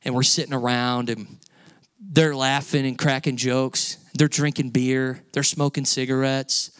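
A male pastor delivers a sermon as a personal story, talking like he's chatting with the congregation before pushing into emphatic, raised lines. His voice sits at an ordinary middle pitch. The sound is dry and close, with little room around it. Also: little pitch movement, a little slow, clean tone, dry recording. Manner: storytelling, conversational, rising to emphatic peaks. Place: church sanctuary.

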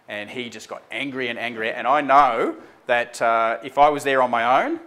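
In a sharp-toned, mid-range voice, a man tells listeners on air about a traffic stop and his run-in with the police. He plays out both sides of the exchange in a relaxed, chatty way full of ums and "mate," making it lively on-air storytelling.

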